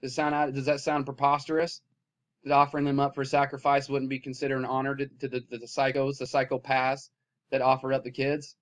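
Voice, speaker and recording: A man recording an impassioned vlog rant, swinging between loud, heated outbursts and low, weary muttering. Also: completely flat delivery, a little fast. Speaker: vlogger.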